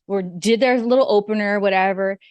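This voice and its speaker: A woman guest in an interview, telling stories in a lively, animated way and acting out the quotes. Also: brisk, smooth, dry recording, dull audio. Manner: animated, acts out quotes with big pitch jumps. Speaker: guest, former wrestler. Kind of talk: casual interview storytelling.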